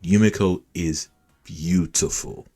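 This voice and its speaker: A man's voice: deep voice, steady tone, slow pace, mellow, breathy edge, soft background music, exaggerated voice. A man doing a firm young man scolding.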